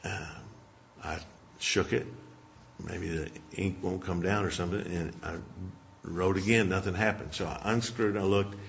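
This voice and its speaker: A man's voice: low-pitched, steady tone, normal speed, gravelly, a little hiss or hum. A man preaching a sermon, telling a folksy personal story and closing in prayer. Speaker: pastor. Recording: dull lo-fi sermon recording.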